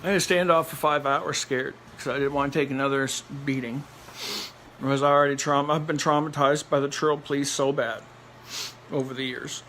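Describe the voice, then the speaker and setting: Man, mid-pitched voice, blunt rambling storytelling, repeats himself, faint background hiss. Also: steady tone, a little fast, a bit bright, rough recording. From Nova Scotia, Canada. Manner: laughs between lines. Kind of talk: personal storytelling monologue.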